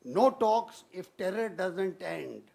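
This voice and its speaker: A male panelist makes his points in a measured, emphatic way. His voice sits high for a man. It carries a gravelly fry. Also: animated, mellow. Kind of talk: panel discussion.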